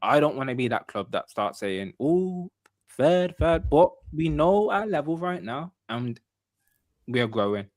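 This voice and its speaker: A man's voice: medium pitch, big pitch swings, moderate pace, dry recording. A man hosting a casual football fan podcast, upbeat and chatty, with frequent "um, but yeah" fillers. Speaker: podcast host.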